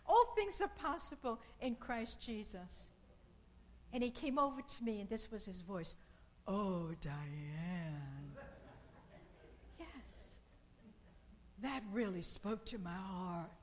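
A woman giving an informal sermon in a slow, earnest and repetitive way, with bursts of emphasis. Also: fairly high pitch, animated, low-quality recording.

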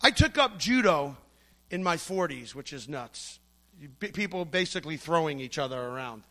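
A man's voice: fairly high pitch, lively intonation, moderate pace, fairly bright tone. A middle-aged man preaching a sermon, emphatic and storytelling, acting out the voices he quotes.

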